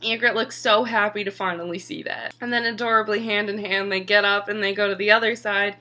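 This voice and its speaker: A woman's voice: medium pitch, steady tone, fairly quick, sharp tone. A young woman casually recapping a TV episode, chatty and full of "like" fillers, sometimes swearing. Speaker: TV episode reviewer.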